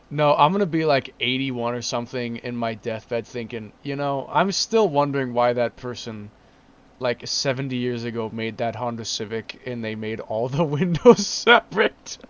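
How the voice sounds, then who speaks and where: A man's voice: mid-range voice, animated, unhurried. Exasperated man ranting in disbelief. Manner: exasperated, repeats himself, laughs in disbelief. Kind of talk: casual ranting vlog. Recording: dull lo-fi recording.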